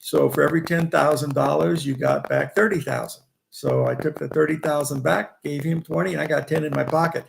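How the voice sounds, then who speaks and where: An older man in his eighties, originally from Indiana, recounts his early trading days in a loose, anecdotal way, often restarting phrases and chuckling as he goes. His voice is deeply gravelly and crackly, sitting a little high for a man. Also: fairly even intonation, a little fast, few pauses. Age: 80s. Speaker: guest, veteran trader. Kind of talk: rambling anecdotal storytelling.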